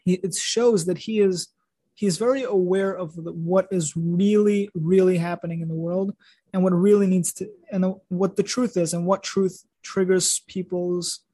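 High-voiced man retelling a Torah story. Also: mellow, no room sound. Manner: rambling, many restarts and fillers. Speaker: podcast host.

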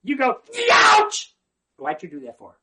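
A man giving an animated religious talk, swinging from hushed asides to near-shouting and often repeating words. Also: high voice, normal speed, noisy background.

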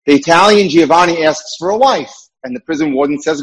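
Husky, earnest male dating mentor. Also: fairly high pitch, fairly quick, hardly any pauses, poor audio. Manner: earnest, emphatic, repeats key points. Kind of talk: lecture-style talk.

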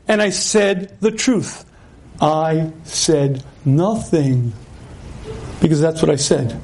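A man giving a religious lecture as a storyteller who acts out the voices in his dialogue and often clears his throat. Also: fairly high pitch, slow pace. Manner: animated storyteller acting out dialogue.

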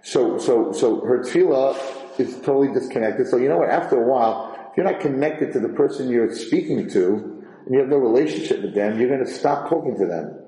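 A rabbi lecturing in a loose, conversational way, with stories and acted-out exchanges. His voice sits at an ordinary middle pitch. The sound is roomy, with a clear echo around him. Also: a little fast. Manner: animated storyteller, acts out dialogue, frequent restarts. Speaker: rabbi and teacher. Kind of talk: informal Torah lecture with stories.

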